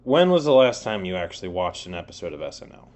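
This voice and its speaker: A man's voice: low-pitched, big pitch swings, fast, darkish tone, slight background noise. Young man rambling about football. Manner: rambling, frequent fillers and swearing. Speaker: podcast co-host. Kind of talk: casual sports chat.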